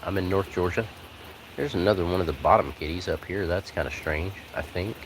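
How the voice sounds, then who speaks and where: A man chatting casually on a live stream from a porch, talking to his cats and his viewers in a relaxed, rambling way. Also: low-pitched, a little fast. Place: outdoors on a porch in the rain. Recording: rain noise outdoors. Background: rain.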